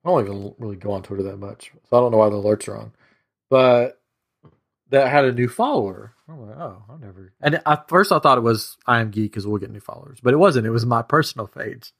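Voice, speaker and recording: A man's voice: medium pitch, fast, vocal fry, a bit bright. A man co-hosting a podcast, telling a story in a chatty, self-amused way. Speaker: podcast co-host. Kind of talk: casual chat.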